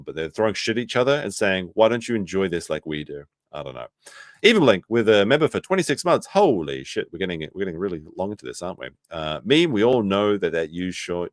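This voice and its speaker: Sarcastic man reacting with loud outbursts. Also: low voice, no room sound, studio quality. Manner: sarcastic, swings from loud outbursts to mumbled asides. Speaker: commentary streamer host. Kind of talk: reacting to a played stream clip.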